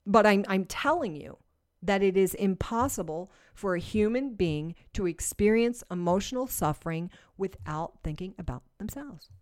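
Woman preacher, sermon, earnest, emphatic, mid-pitched voice. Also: expressive, normal speed, clear, resonant tone. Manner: earnest, emphatic, swings between soft and loud.

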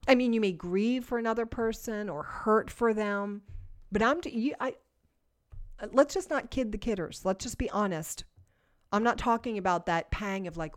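A woman preaching a sermon, earnest and emphatic, moving between soft, slow passages and louder, forceful ones. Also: medium pitch.

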